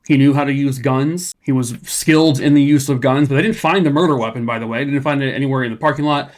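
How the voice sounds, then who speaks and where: A man's voice: mid-range voice, quick pace. A man telling a true crime story in a casual, conversational way, with fillers, asides and skeptical emphasis.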